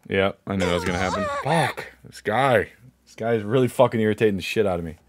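Low-voiced man cursing through a game. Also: rapid-fire, slight background noise. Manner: profane, reacting loudly to the game. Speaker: gaming YouTuber. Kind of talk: let's play commentary. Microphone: corded mic, hunched toward screen.

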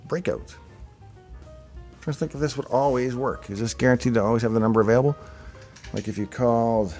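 A middle-aged man hosting a show, casually thinking aloud as he reacts to on-screen designs with chatty asides. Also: mid-range voice. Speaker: show host reviewing software designs.

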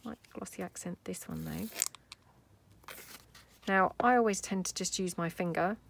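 A British woman with a fairly low, brisk voice hosts a crafting video, chatting casually at her craft table. She thinks aloud as she works and drops in soft asides.

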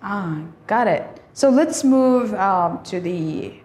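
A woman's voice: medium pitch, lively intonation, takes it slowly, a little mellow. Encouraging woman interviewer. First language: Uzbek. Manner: encouraging, frequent backchannels. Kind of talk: casual interview. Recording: roomy echo, faint noise.

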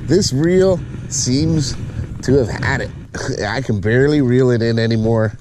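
A man giving casual fishing commentary from a boat on a lake, excitable and whooping when a fish bites. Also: medium pitch, unhurried. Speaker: fishing vlogger. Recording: noisy outdoor lake ambience.

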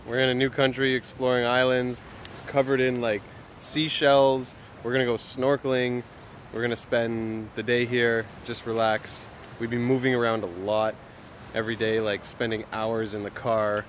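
An upbeat young man talks through his travel vlog in an easy, mid-pitched voice. His narration is loose and chatty, filled with "like" as he goes. A faint hum of outdoor noise sits under him on the beach. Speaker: travel vlogger. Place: outdoors on a small island beach.

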